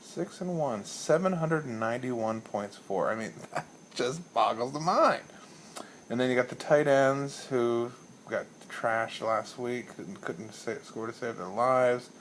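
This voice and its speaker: A man giving a casual, rambling comic monologue as a league commissioner, swearing freely and telling a story deadpan. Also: mid-range voice, measured pace, a little hiss or hum.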